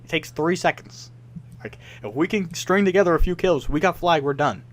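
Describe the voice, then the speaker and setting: A man's voice: a little high, normal speed. A young man co-hosting a casual gaming podcast, ranting in frustration, swearing often and mimicking other players. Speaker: podcast co-host.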